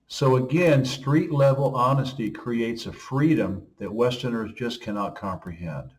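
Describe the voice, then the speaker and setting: A man in his sixties from the United States, talking in a casual monologue and stressing his points as he lists them one after another. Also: medium pitch. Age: 60s. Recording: voice a bit distant from the mic.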